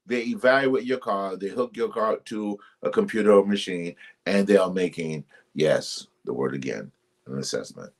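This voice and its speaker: A man running a ministry live stream offers viewers relaxed advice on relationships. Like a preacher, he is emphatic and repetitive, his pitch leaps without warning, and he calls out commenters by name.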